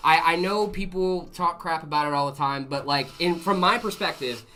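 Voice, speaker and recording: A man co-hosting a live stream, answering chat questions about PC hardware in a relaxed, friendly way. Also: fairly high pitch, moderate pace, a little hiss or hum. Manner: relaxed, friendly, fillers and "brother".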